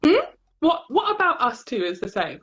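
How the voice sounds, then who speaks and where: A woman's voice: high-pitched, normal speed, faint music behind. A young woman hosting a casual live-stream chat, telling stories and acting out the voices of her colleagues. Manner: animated storyteller, acts out quoted colleagues. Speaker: host. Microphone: phone or webcam on a live video call. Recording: muffled live-stream audio.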